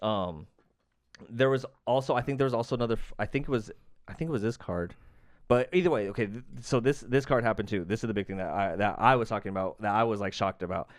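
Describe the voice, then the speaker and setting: A man co-hosting a podcast, telling stories in animated casual chat, packed with filler words and the odd swear. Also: lowish voice, fast talker, no echo, studio quality. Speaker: podcast co-host.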